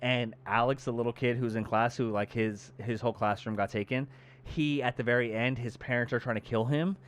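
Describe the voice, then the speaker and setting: A man's voice: mid-range voice, brisk, smooth. A young man co-hosting a podcast, chatting casually and acting out scenes with lots of swearing. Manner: animated storyteller, swears casually, acts out scenes. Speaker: podcast co-host. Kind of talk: casual chat.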